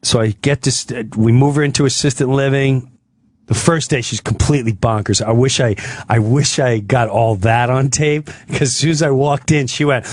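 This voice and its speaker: A man's voice: medium pitch, normal speed. A man who is a comedian guest, telling a comic story on a talk radio show and often jumping into voices. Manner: animated, jumps into voices.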